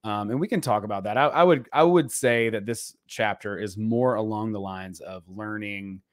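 A man co-hosting a podcast in casual, rambling conversation, full of fillers and throat clearing. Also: on the low side, normal speed, dry recording, clean studio sound. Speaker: podcast co-host.

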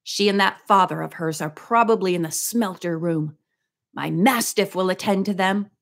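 Woman reading as a male villain, cold, sarcastic, sharp commands, mocking, storybook reading. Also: lowish voice, normal speed, vocal fry.

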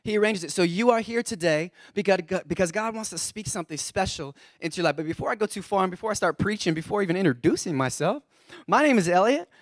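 A man's voice: sits high, animated, quick pace, no room sound, studio quality. A man preaching as the pastor of his church, fired up and calling out to the congregation. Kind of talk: energetic sermon.

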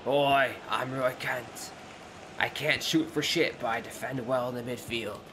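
A man voicing a gruff, tough male footballer who talks bluntly and swears, slow and low-key. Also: steady tone, lightly acted. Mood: grumbling. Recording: noisy background hum.

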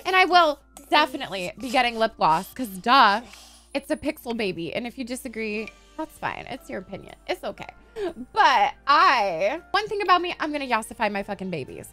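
A woman giving excited commentary while playing a life-simulation game, gushing, gasping and squealing, with casual swearing. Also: on the high side, a little fast, faint music behind. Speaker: gaming streamer.

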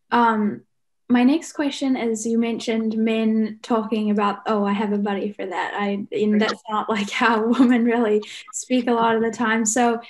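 A woman's voice: mid-range voice, darkish tone. A young woman moderating a webinar, agreeing with guests and asking the next question. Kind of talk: webinar interview. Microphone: video call.

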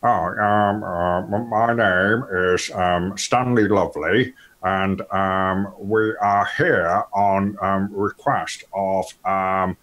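Man playing a fussy polite gentleman, hesitant, stammering, slow, low voice. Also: fairly even intonation. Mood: polite, nervous.

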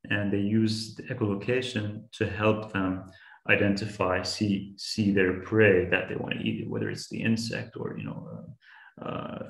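A man's voice: lowish voice, vocal fry, roomy sound, rough recording. A man teaching young students about sound, patiently building simple examples with frequent restarts. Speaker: science educator.

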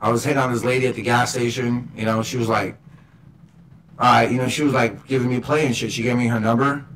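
A man's voice: mid-range voice, little pitch movement, quick pace, fairly bright tone, slight background noise. Slangy man in a roomy space. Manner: casual slangy, says bro a lot. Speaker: podcast co-host. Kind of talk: casual chat.

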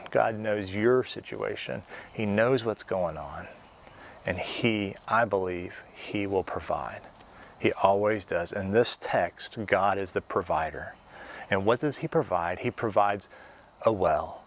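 Earnest low-voiced male pastor. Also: gravelly, a little hiss or hum. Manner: earnest, encouraging, with filler pauses. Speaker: associate pastor. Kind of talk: devotional sermon.

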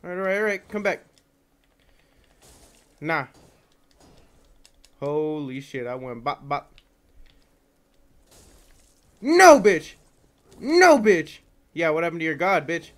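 A young man streaming a video game, shouting and yelping excitably at enemies with lots of swearing. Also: on the high side, unhurried, pauses often, clean tone. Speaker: gaming streamer. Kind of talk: live game-stream commentary.

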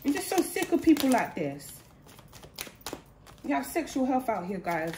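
A woman's voice: high-pitched, big pitch swings, moderate pace, noisy background. A woman giving a channeled spiritual reading in an indignant, heated way, repeating phrases for emphasis. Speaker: spiritual card reader. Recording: roomy echo.

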